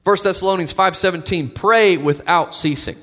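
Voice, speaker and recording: A man's voice: sits high, normal speed, a bit bright. Earnest preaching man in an echoing hall. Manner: earnest, builds to emphatic declarations. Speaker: pastor. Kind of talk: sermon. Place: church sanctuary. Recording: long reverb of a church hall.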